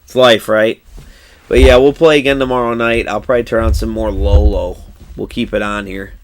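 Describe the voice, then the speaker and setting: Laid-back swearing gamer guy, low voice. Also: steady tone, moderate pace, a little hiss or hum. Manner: laid-back, rambling, swears freely, laughs often. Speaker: gaming streamer. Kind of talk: casual live-stream chat while playing.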